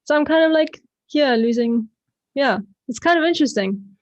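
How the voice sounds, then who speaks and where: A woman's voice: high voice, expressive, moderate pace, no room sound. Chatty South African woman, slightly dull sound. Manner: chatty, rambling with fillers and laughs. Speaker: podcast guest, beatmaker. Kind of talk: casual chat.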